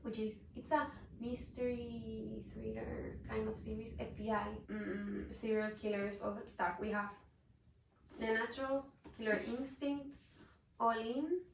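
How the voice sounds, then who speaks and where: A young woman talks through her reading year in a chatty, expressive vlog voice that sits a little high and carries some vocal fry. She is recorded from a distance, so the sound is roomy and echoey. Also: a little slow, background noise. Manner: chatty and expressive, bursts into exasperated rants. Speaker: book reviewer. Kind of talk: casual book wrap-up vlog. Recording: roomy echo, mic at a distance.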